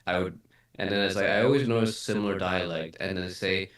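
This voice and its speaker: Laid-back man, lowish voice, echoey. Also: a little fast. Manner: relaxed, rambling with fillers. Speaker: voice actor in a group meeting. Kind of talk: casual chat. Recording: echoey room, far from mic.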